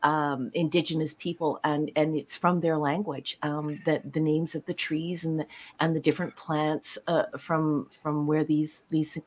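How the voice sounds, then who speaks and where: Woman guest, lower voice, talks things through with lots of ums. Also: flat delivery, a little slow, slightly rough. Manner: rambling, many ums and uhs, explanatory. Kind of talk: casual chat.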